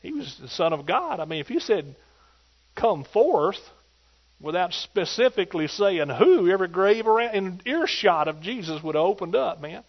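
A man delivers a sermon in a high, ringing voice, pressing each point with emphatic, call-and-response energy toward his congregation. The recording is dull and lo-fi, with muffled treble. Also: big pitch swings, a little fast, hardly any pauses. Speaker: preacher.

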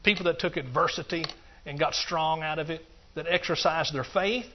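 Man, preacher, sermon, repetitive rhythmic delivery, slightly high voice, dull recording. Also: fairly even intonation, moderate pace, slight background noise. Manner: rhythmic, repetitive, punctuated with hallelujahs.

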